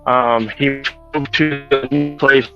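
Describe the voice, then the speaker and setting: A man's voice: mid-range voice, steady tone, slow, gravelly, pushed and bright, highs cut off, soft background music. A man chatting casually while shopping in a big store, rambling and correcting himself as he talks. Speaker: truck driver streamer. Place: large store.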